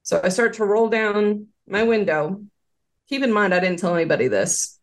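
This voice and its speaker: A woman's voice: mid-range voice, expressive, normal speed. A woman guest on an interview podcast, earnestly recounting a personal story with many fillers. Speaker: interview guest, former quality control worker. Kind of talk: casual interview testimony.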